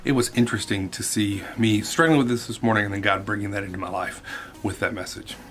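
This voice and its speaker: A man's voice: on the low side, steady tone, quick pace, a bit bright. Candid, rambling youth minister man. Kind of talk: casual vlog reflection.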